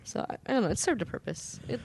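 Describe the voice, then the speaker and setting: A woman's voice: a little high, sing-song, fast talker, gravelly, a little mellow, a little hiss or hum. A woman guest on a podcast, telling a story in chatty casual talk, laughing easily and swearing. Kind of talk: casual political chat.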